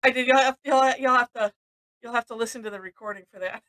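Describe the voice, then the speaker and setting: A woman's voice: on the high side, quick pace, a bit bright, rough recording. A woman from Missouri teaching a live-streamed drawing lesson, chatty and rambling, often laughing between steps.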